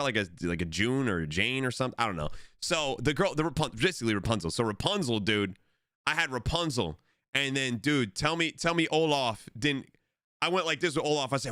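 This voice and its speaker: A man's voice: mid-range voice, bright, forceful tone, dry recording, studio quality. A young man live-streaming, chatting casually and rambling with lots of swearing while reading out his chat. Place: home streaming setup. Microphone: desk microphone.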